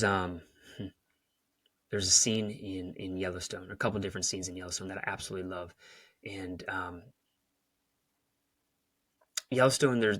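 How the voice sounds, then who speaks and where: Guy on his podcast, lowish bright voice, dry close mic, rambly coaching talk. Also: no room sound. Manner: rambling, restarts, retells scenes with emphasis. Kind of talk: casual motivational talk.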